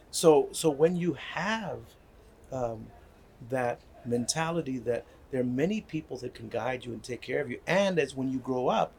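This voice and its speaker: A man's voice: medium pitch, vocal fry, darkish tone, a little hiss or hum. An older man speaking as a guest about healing and community, telling stories earnestly and often checking in with "right?". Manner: earnest, repeats words, asks "right?" often. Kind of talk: conversational storytelling.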